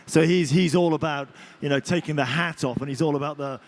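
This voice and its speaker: Animated, chatty male actor. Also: a little high, fairly quick. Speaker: voice and motion capture actor. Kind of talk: convention panel talk. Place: convention panel stage.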